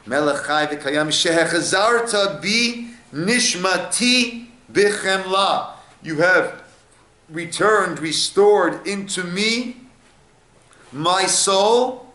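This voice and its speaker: A male rabbi teaching an informal study class, unhurried and acting out little dialogues as he explains. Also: high-pitched, animated, pushed and bright. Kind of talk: informal text study lesson. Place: echoey room at a lunch study group. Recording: roomy echo.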